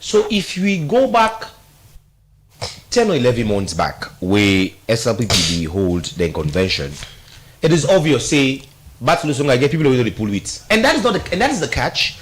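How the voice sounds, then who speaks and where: Animated Sierra Leonean radio commentator, man. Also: medium pitch, normal speed, slight background noise. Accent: Sierra Leonean Krio-inflected English. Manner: animated, emphatic, mixes Krio and English. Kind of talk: radio talk show analysis.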